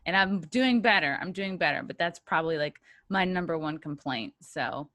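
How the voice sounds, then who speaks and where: A woman's voice: on the low side, lively intonation, normal speed, a bit bright, no room sound. Woman podcast host, chatty and upbeat, jokey asides, dry close sound. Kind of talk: casual podcast chat with ad reads.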